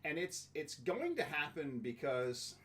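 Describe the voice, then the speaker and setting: A man's voice: a little high, big pitch swings, fairly bright tone. A man co-hosting a podcast, chatting casually with his wife and acting out little dialogues. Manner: jokey, acts out quick back-and-forth dialogues. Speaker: podcast co-host. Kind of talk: casual chat.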